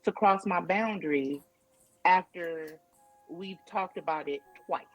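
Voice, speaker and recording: A woman's voice: fairly low pitch, takes it slowly, faint music behind, poor audio. A woman guest, a yoga teacher, speaking emphatically and directly in a casual chat. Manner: emphatic and direct, spells out firm boundaries.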